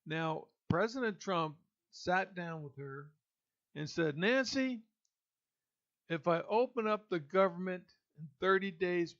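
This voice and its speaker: A man with a high voice delivers an indignant opinion monologue. He speaks emphatically, with pauses and restarts. The recording is dull and lo-fi. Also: a bit bright. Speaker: political commentator. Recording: dull lo-fi audio.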